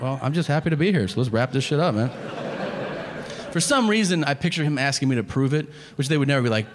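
A man's voice: medium pitch, expressive, fast, a little hiss or hum. A man doing a stand-up comedy set, telling a story in a laid-back way and acting out the dialogue. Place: comedy club stage.

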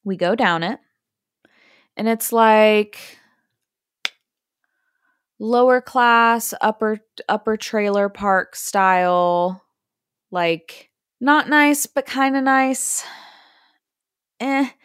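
A woman hosting a podcast, telling a story casually and acting out the quotes in hushed or high voices. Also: very slow, long pauses, clear, resonant tone, no echo, clean studio sound. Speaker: podcast host.

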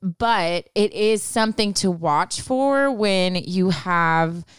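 Chatty woman giving advice, low and smooth. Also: slow, dry recording, studio quality. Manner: chatty, lots of "like" fillers, reassuring. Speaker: podcast co-host giving advice. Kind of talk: casual advice chat.

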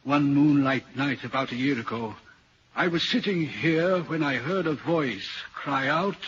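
A man's voice: fairly high pitch, lively intonation, a little slow, a bit bright, slight background noise. An actor playing a troubled railway signalman in an old radio drama, earnestly recounting a ghostly sighting. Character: haunted, uneasy male railway signalman. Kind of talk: 1940s radio acting. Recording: dull old radio recording.

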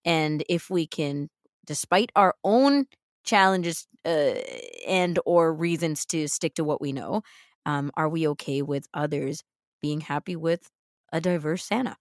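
An upbeat woman co-hosting a talk segment, emphatic and chatty, often checking in with her listener as she goes. Her voice sits a little low for a woman. It is recorded dry and close. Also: unhurried, dry recording. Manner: upbeat, lots of "right?" and "like", emphatic. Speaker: co-host. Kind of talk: casual chat.

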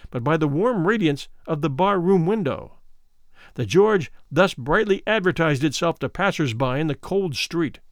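A man reading a classic story aloud, measured and expressive, his pitch moving a great deal through each sentence. His voice sits slightly high, and the recording is dry and close with no room sound. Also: dry recording. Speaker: narrator.

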